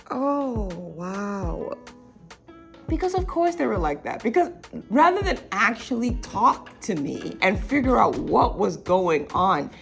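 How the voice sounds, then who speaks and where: A woman's voice: fairly high pitch, very animated, normal speed, creaky, soft background music. A young woman vlogger telling a childhood story in a casual, rambling way, full of fillers and little laughs.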